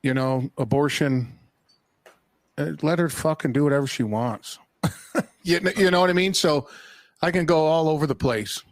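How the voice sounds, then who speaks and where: A man from Colorado chatting on a podcast, relaxed and candid. His voice sits a little high and sounds dry and close, with no room in it. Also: normal speed, pauses often, dry recording. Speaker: podcast guest. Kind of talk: casual podcast chat.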